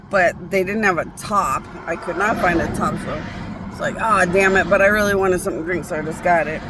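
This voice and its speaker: A woman's voice: mid-range voice, noisy background. A woman vlogging a casual, rambling monologue, profane and often breaking off to restart her sentences.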